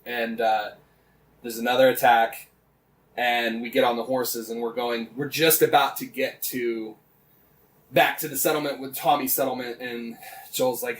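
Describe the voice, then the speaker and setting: A man's voice: medium pitch, little pitch movement, a little slow, distant mic, a little hiss or hum, poor audio. Rambling, swearing man on a podcast. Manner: rambling, swears often, many fillers and restarts. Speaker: podcast co-host. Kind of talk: casual podcast chat retelling a game story.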